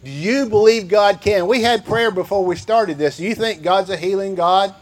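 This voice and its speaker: A man's voice: high voice, normal speed. Earnest preacher man. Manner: earnest, repeats key phrases for emphasis. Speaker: pastor. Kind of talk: sermon with scripture reading.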